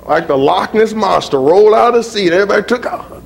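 High, gravelly, animated male preacher. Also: quick pace, slight background noise. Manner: animated, mocking, swinging from muttered asides to shouts. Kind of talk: sermon.

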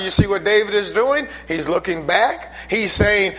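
A male pastor preaching a sermon, building from calm talk to shouted intensity. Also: high-pitched, moderate pace, hardly any pauses. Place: church sanctuary.

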